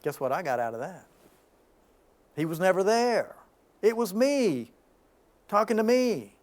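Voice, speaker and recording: A man hosting an informal spiritual talk, telling stories in an animated way with frequent restarts. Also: high voice.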